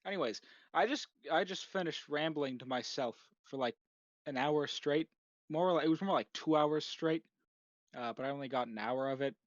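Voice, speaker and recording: A man's voice: medium pitch, no room sound. Tired young man rambling late at night. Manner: swearing, rambling, many restarts and fillers. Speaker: vlogger. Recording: dull lo-fi dry home recording.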